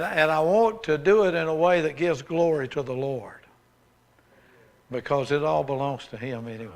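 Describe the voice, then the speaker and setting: A man's voice: fairly high pitch, gravelly, fairly bright tone. A man giving a folksy, emphatic sermon testimony as a guest preacher, reading scripture aloud with rising force.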